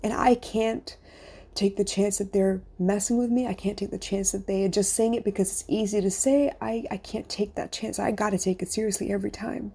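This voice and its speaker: A middle-aged woman hosts her own podcast as a coach, speaking in an earnest, confessional monologue. Her voice is husky and mellow, and now and then it sinks to a whisper. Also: medium pitch, steady tone, normal speed. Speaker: life coach and podcast host.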